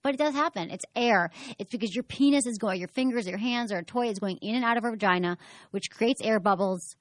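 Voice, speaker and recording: A woman hosts a sex advice show, talking frankly and chattily and slipping into the voices of people she quotes. Her voice sits a little high. The studio sound is dry and close. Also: brisk, no echo. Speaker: sex advice podcast host. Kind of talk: casual frank chat.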